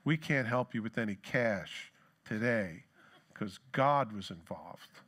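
With a lowish, fairly bright voice, this man preaches slowly yet animatedly from a church sanctuary. He keeps things conversational and joking, and his scripture reading builds in emphasis.

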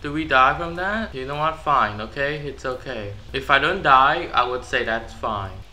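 A man giving live gameplay commentary, excitable and easily frustrated, with sudden yelps and outbursts. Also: medium pitch, normal speed, slight background noise. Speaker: gaming YouTuber.

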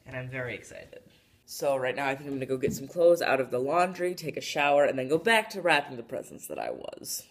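A young woman chatting casually in a home vlog, gushing with excitement as she talks to the camera. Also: extremely low pitch, a little fast, a little hiss or hum. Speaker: vlogger. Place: home, indoors.

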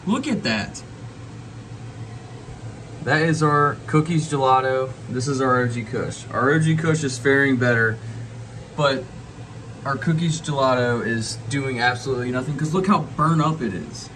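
A man's voice: mid-range voice, normal speed, long pauses, a bit bright, slight background noise. A young man filming himself by an indoor grow tent, ranting angrily and swearing about his failed plants. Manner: angry, swearing, exasperated. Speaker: home grow vlogger. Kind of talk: frustrated casual vlog rant.

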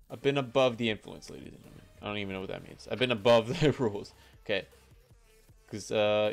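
A young man records casual commentary over his own gameplay. He is chatty and jumps quickly into excitement. Faint background music plays beneath his voice. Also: medium pitch, creaky. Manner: chatty, excitable, talks to the animals in the game. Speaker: gaming YouTuber.

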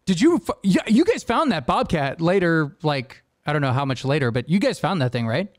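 A man's voice: a little high, sing-song, fairly quick, no echo, clean studio sound. A young adult man hosting a podcast, rambling casually, laughing and acting out quotes in a raised voice. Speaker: podcast host. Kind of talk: casual chat.

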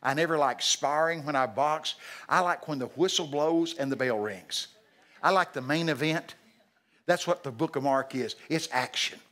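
A man preaching a sermon at a church service, animated and jokey, breaking into shouted acted-out lines. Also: on the high side, normal speed. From Texas.

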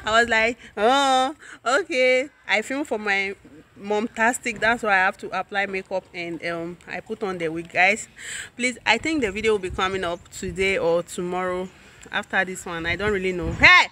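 A woman with a Nigerian accent talks in a loose, friendly vlog manner, and she laughs easily as she goes. She sits at a middle pitch for a woman. She is recorded outdoors on a camera mic, and faint background noise runs under her voice. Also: fairly even intonation, moderate pace. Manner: chatty, laughs often, shouts at her child. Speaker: vlogger. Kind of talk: casual vlog chat. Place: outdoors at her home compound and garden.

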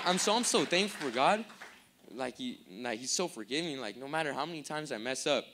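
A man's voice: on the high side, expressive, brisk, bright, forceful tone, a little hiss or hum. A young man preaching a sermon in a casual, rambling way, full of fillers. He asks the crowd to call words back to him.

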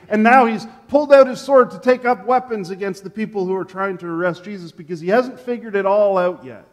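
A man pastor preaching a sermon in a church sanctuary, telling the story in an animated way and acting out the quotes. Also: high voice, brisk, few pauses, long reverb tail.

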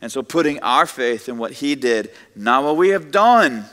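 A male pastor delivers a sermon to his congregation, his voice bright and forceful. He preaches conversationally and slips in joking asides. The sound rings with a long church-hall reverb. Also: medium pitch, animated, normal speed. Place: church sanctuary with audience.

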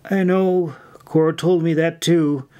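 A man's voice: fairly high pitch, steady tone, dark tone, muffled recording, voice pushed up, natural voice. A man voicing a timid, eager young girl recruit who answers nervously and hesitantly. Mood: worried. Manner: hesitant, quick nervous replies.

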